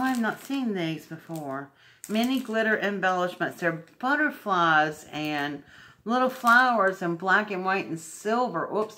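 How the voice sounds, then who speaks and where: A woman's voice: mid-range voice, sharp tone, slight background noise. A woman unboxing craft mail at home, gushing and emotional. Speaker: crafting vlogger. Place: home indoors.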